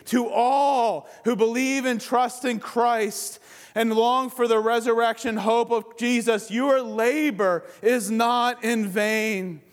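A man preaching from the pulpit, his voice sitting high and unhurried. His lines build to emphatic peaks, then sink to soft, hushed endings. The sound rings with the long echo of a church sanctuary. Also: steady tone. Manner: closing in slow, quiet prayer. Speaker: pastor. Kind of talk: sermon.

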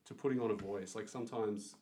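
A man's voice: fairly low pitch, fast, mellow, slightly rough. A man co-hosting a casual podcast chat, playful and rambling, often restarting his phrases. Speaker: podcast co-host.

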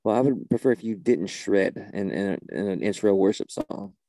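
A man's voice: fairly low pitch, animated, moderate pace, vocal fry, warm tone, dry recording. A man in a comedy sketch, talking in an exasperated, incredulous way.

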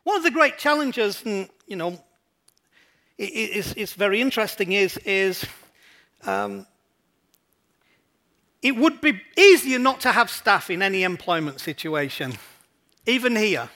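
High, lively male preacher. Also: a little slow, pauses often. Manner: emphatic and repetitive, driving points home. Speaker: pastor. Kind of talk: sermon.

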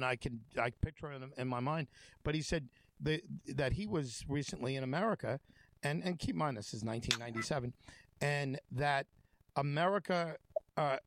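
A male talk show host with a higher-pitched voice tells stories conversationally, rambling with many fillers and restarts in casual conversation. There's no echo.

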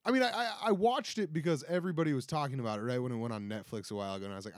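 A man's voice: mid-range voice, racing, few pauses, no room sound, studio quality. A man in his twenties hosting a casual solo podcast, rambling and self-deprecating with many restarts. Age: 20s. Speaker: podcast host. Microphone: close podcast mic.

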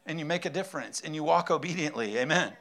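A man's voice: fairly high pitch, animated, quick pace, fairly bright tone. A man preaching a sermon, emphatic, with rhetorical questions and frequent amens. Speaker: pastor.

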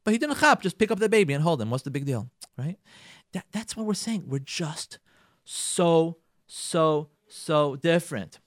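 A man hosts a radio talk show, telling a story to his listeners with a high voice that jumps up and down. He repeats phrases for emphasis and drops in Yiddish and Hebrew words. The sound is dry and close. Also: big pitch swings, moderate pace, no room sound. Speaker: radio show host, marriage counselor.

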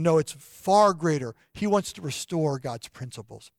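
A middle-aged man preaching a sermon in an earnest voice, often dropping to a soft, hushed tone for personal stories. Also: a little high, lively intonation, moderate pace, hardly any pauses, no room sound, studio quality. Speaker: pastor.

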